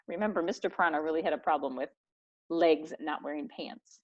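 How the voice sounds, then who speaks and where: A woman's voice: sits low, fairly quick. A woman teacher reading a book aloud to her students and explaining as she goes. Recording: dull lo-fi recording.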